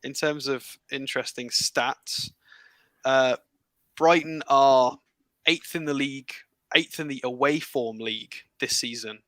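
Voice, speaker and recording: A man co-hosting as the stats analyst, talking through numbers in a careful, halting way with many fillers. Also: mid-range voice, fairly even intonation, sharp tone, no echo, poor audio. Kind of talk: casual football analysis chat.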